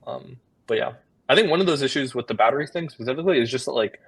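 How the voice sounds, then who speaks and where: A man's voice: mid-range voice, rapid-fire, vocal fry, slightly rough. A man in casual live stream chat, rambling with many fillers and laughing easily.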